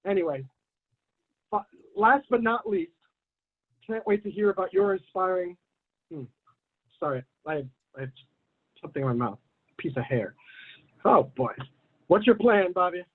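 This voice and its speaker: A man with a notably high voice hosts a casual online group meeting. He rambles a little and hands out blunt advice. The audio comes through thin and tinny, like a phone line. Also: expressive, normal speed, pauses often. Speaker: host of online community meeting. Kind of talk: casual group video call.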